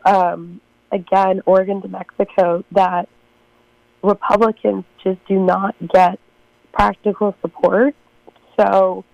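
A woman guest on a radio talk show with a hoarse voice she has partly lost, speaking earnestly with many pauses and repeats. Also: mid-range voice, no room sound, lo-fi sound. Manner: earnest, lots of ums and repetitions. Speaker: guest, former campaign manager. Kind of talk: casual interview.

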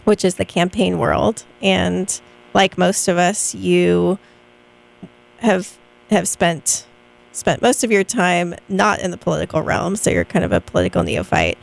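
A woman's voice: fairly low pitch, animated, vocal fry, poor audio. A woman hosting a radio talk show, interviewing a guest and searching for words as she frames her questions. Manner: halting, restarts while framing questions. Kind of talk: casual interview.

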